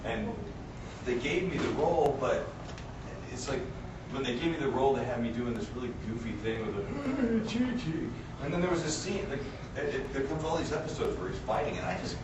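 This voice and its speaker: A man, a voice actor, chatting with fans on a convention panel, telling stories and breaking into loud screams and character voices. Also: medium pitch, fairly quick. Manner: animated, breaks into screams and voices mid-story. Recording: echoey hall, distant mic, loud crowd noise.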